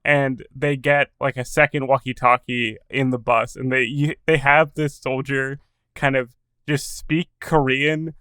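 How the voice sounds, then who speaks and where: A man's voice: mid-range voice, measured pace, clear, resonant tone, dry recording. A man co-hosting a podcast, chatting casually about a TV episode and acting out quotes with laughs. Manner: animated, laughs often, acts out quotes. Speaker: podcast co-host. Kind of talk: casual chat recapping a TV episode.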